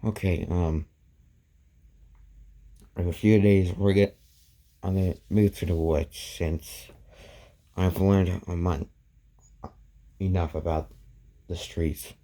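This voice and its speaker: A man voicing a calm, caring teenage boy hero in a storytelling, speaking gently and matter-of-fact. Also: deep voice, slow, long pauses.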